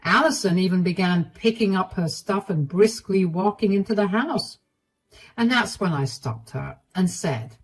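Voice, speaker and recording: A woman narrating a first-person family drama story in a steady, even delivery. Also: medium pitch, measured pace, husky, rough recording.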